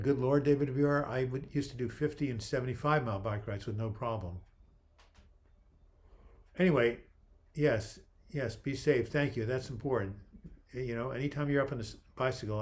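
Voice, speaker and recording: A man's voice: medium pitch, a little mellow. An older man hosting a casual livestream, reading viewer comments aloud and answering them in a chatty, joking way with frequent restarts. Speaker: livestream host.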